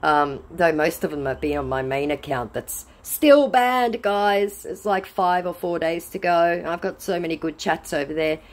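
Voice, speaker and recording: A woman's voice: on the low side, steady tone, a little slow, few pauses. A woman telling a scam-baiting story in a blunt, sarcastic way. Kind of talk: casual storytelling.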